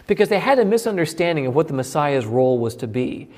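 A man preaching a sermon to a congregation, animated, acting out the voices of biblical figures as he tells the story. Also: on the high side, fast talker, few pauses. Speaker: pastor.

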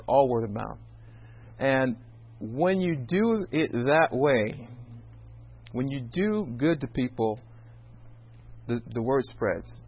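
A man who runs a restaurant tells faith stories, quotes scripture and acts out the dialogue in an animated way. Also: medium pitch, breathy edge. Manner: animated storyteller acting out dialogue. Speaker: restaurant owner sharing a faith testimony. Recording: dull lo-fi recording.

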